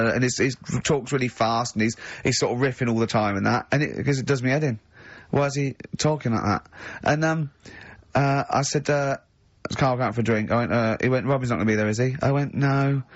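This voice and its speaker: A man hosting a radio chat, telling animated stories about his friends and acting out their lines. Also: medium pitch, no echo, lo-fi sound. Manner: animated storyteller, acts out friends' lines, laughs often.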